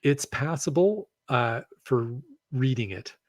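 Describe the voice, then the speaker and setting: A man chats casually on a podcast, rambling through his points with frequent ums and self-corrections. His voice sits at an ordinary pitch, and the recording is dry and close, with no room sound. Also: expressive, takes it slowly, dry recording. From Canada. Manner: rambling, hesitant, with many ums and restarts.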